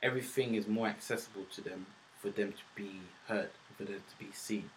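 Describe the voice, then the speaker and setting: A man's voice: on the low side, fairly even intonation, fairly quick, slight background noise, low-quality recording. A man, a podcast guest who talks frankly and casually, with lots of fillers and slang. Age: 20s. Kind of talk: casual interview chat.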